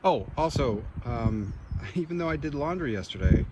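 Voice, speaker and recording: Talking casually to a handheld camera on a mountain trail during a long-distance hike, a man rambles easily as he thinks aloud in a trail vlog. His medium-pitched voice is very animated at a normal speed, against a noisy background.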